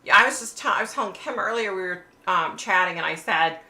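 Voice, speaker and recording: A woman's voice: mid-range voice, quick pace, pushed and bright, echoey room. A middle-aged woman hosting a casual livestream, rambling chattily to her viewers, swearing freely and saying "like" often. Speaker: psychic livestream host.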